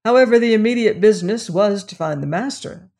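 A woman with a medium-pitched voice narrates a novel as an audiobook. Her scripted reading has a measured, even storytelling style.

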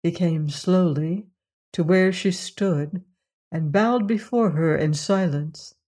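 A woman storyteller hosting a show, reading a fairy tale in a calm, measured way. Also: fairly low pitch. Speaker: storyteller host.

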